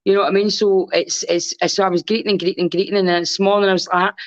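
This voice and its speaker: A Scottish woman chats as a podcast guest, rambling candidly and swearing freely, her pitch sitting in a middling register. The sound is dry and close, with little room around her voice. The recording has a dull, lo-fi tone. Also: flat delivery, rapid-fire, no room sound. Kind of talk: casual chat.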